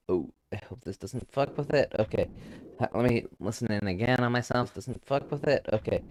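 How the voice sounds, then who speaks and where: A man's voice: on the low side, sing-song, normal speed, vocal fry, slight background noise. A man chatting casually on a live stream through a headset mic, rambling, swearing offhandedly and poking fun at himself.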